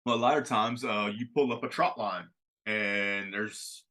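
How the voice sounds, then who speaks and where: A man's voice: lowish voice, measured pace, sharp tone. A young man from Louisiana with a Cajun accent, telling rambling stories in a casual podcast chat and laughing often. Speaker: podcast host.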